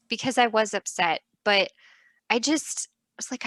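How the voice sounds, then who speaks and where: A woman in her thirties co-hosting a casual faith podcast, telling a story with lively acted-out quotes and laughter. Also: on the high side, normal speed, no room sound. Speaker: podcast co-host.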